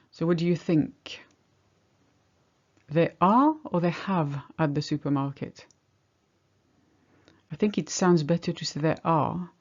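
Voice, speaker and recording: A woman teaches a language lesson, working through each example slowly and patiently. Her voice sits fairly low, and the recording sounds a little dull and lo-fi. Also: a little mellow. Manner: patient, explains step by step. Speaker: French teacher.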